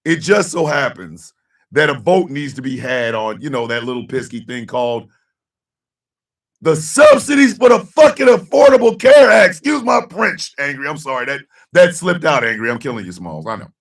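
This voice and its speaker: A man rants on his talk show and curses freely, going from shouted outbursts to low grumbles. His voice is somewhat high and gravelly, with a wide, jumpy pitch. He sits away from the microphone. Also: big pitch swings, normal speed, distant mic. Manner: profane, shouting, swings between yelling and muttering. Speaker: host. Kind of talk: loud rant on a casual talk show.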